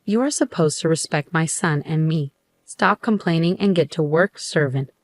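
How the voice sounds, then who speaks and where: A domineering old mother-in-law, voiced by a woman, who treats her son's wife as a servant. Her voice sits low and her scolding is relentless and cold. It is recorded close and dry, with no room around it. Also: moderate pace, no room sound. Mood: ranting. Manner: scolding, commanding.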